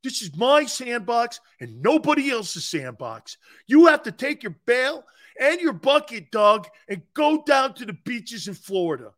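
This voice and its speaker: A man mocking a petulant, childish grown man who refuses to share his sandbox, whining and shouting in a taunting voice. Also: extremely high pitch, sing-song, unhurried, pitched above the performer's own voice, exaggerated voice.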